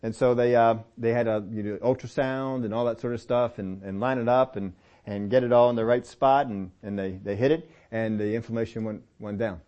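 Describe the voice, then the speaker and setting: A middle-aged man preaching a sermon, telling personal stories in a relaxed, conversational way and often rising in pitch to press a point. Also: fairly quick, highs cut off. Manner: conversational storytelling with lively pitch swings and laughs. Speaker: pastor.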